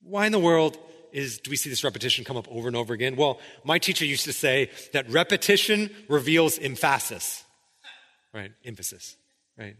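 A man's voice: mid-range voice, animated, fast talker, fairly bright tone, big-room sound. A male pastor preaching a sermon, emphatic, often checking in with "right?". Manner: emphatic, keeps asking "right?".

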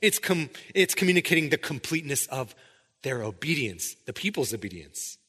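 A man's voice: medium pitch, sing-song, moderate pace, pushed and bright, slightly rough, long reverb tail. A male pastor preaching a sermon, emphatic, often checking in with "right?". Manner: emphatic, keeps asking "right?".

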